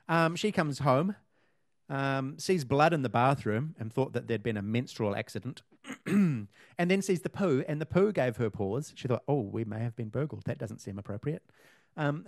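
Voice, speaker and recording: A man's voice: mid-range voice, dry recording, studio quality. A man, co-hosting a casual chat and rambling with lots of fillers and restarts. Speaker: podcast co-host.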